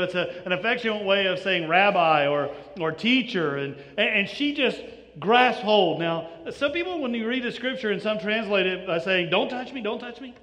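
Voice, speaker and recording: A man preaching a sermon in a church, telling the story in an animated way with many restarts. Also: high-pitched. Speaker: pastor. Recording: reverberant church hall.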